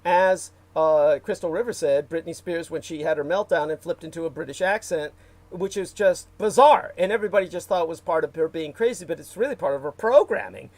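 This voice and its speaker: A man's voice: on the high side, a little fast, a little mellow, dry recording. A man hosting a casual livestream, rambling with many fillers and restarts and reading out viewer comments. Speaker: livestream host.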